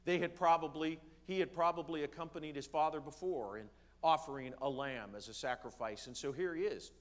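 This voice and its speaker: Man preaching a deliberate sermon. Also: on the high side. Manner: slows down to stress key words, some fillers. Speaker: pastor. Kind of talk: sermon reading and explaining scripture. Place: church sanctuary.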